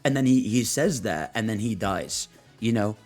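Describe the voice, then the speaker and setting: A man's voice: fairly low pitch, expressive, moderate pace, a little mellow, soft background music. A young man streaming live, rambling in slangy, laughing casual chat as he reads out chat prompts. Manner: rambling, laughing, slangy, voices quoted characters.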